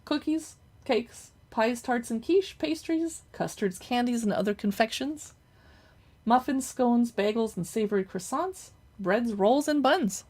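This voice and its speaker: A woman hosting a casual live cookbook look-through, chatty and reading recipe names aloud with quick reactions. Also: fairly high pitch, expressive, darkish tone. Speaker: cookbook reviewer livestreaming.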